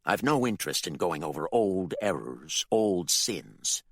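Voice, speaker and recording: A man's voice: deep voice, very animated, unhurried, dry recording, clean studio sound, full character voice. A man reading an audiobook voices a vicious, hypocritical middle-aged preacher father, his voice thick with rage, cold and menacing. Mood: cold, stern. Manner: cold and menacing, bursts into shouting. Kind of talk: audiobook character voice.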